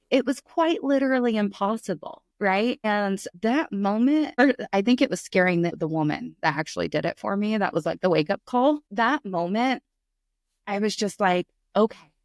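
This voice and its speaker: A middle-aged woman, a podcast guest, telling a candid story in conversation, lively and acting out the voices in it. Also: medium pitch, dry recording, clean studio sound. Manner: animated, acts out voices in her stories.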